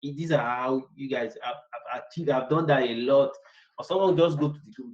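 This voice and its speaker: A man's voice: mid-range voice, brisk, a little mellow, lo-fi sound. A man teaching business analysis in a casual, rambling way. He repeats words and acts out short workplace exchanges. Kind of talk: casual online lecture.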